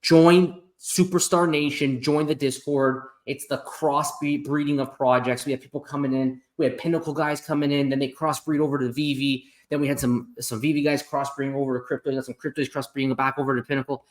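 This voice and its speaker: An upbeat man hosts a casual talk show and plugs his community between questions to his guest. He speaks at an everyday middle pitch in an easy, chatty way. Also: steady tone, brisk, few pauses. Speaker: channel host. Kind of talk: casual interview chat.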